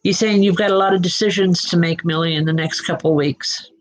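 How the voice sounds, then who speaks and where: A woman's voice: on the low side, fairly even intonation, fairly quick, rough recording. Chatty woman giving spiritual readings. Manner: chatty, reassuring, addresses viewers by name; frequent fillers and restarts, checks in with "okay?". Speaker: psychic medium host. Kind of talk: live spiritual reading for viewers.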